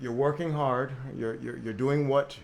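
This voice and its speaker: A man's voice: mid-range voice, steady tone, a little slow, creaky. A man from Jamaica speaking as a panelist in a panel discussion, telling a story with energy and repeating words while he searches for them.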